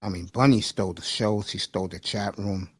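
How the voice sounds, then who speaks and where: A man's voice: fairly low pitch, a little fast, slightly rough, dry recording, clean studio sound. A man hosting a casual live stream, rambling and emotional, calling his listeners bro and folks. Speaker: livestream host. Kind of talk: casual livestream chat.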